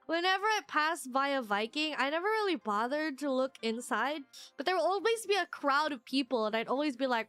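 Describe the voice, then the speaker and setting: A young woman streamer chatting casually with her viewers, rambling and excitable, squealing whenever she thanks someone. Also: high voice, moderate pace, no room sound, soft background music.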